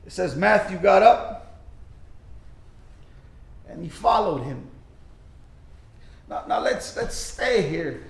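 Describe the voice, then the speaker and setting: High-voiced man preaching in an echoey church. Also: animated, slow pace, vocal fry, pauses often. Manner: fervent preacher with many restarts, acting out quoted lines. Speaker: pastor. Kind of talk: sermon. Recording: echoey room.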